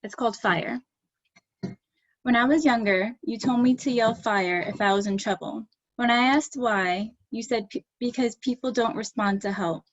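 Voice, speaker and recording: A woman from Staten Island reading her poems at a live online poetry event, halting and full of fillers between pieces. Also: a little high, dull audio. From Staten Island, New York. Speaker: poet reading her work. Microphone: video call.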